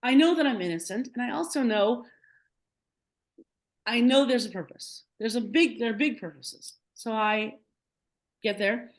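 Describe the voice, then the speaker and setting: A woman's voice: fairly high pitch, a little slow, long pauses. A middle-aged woman, a podcast guest, retelling a personal story with feeling, acting out quoted dialogue and often restarting her sentences.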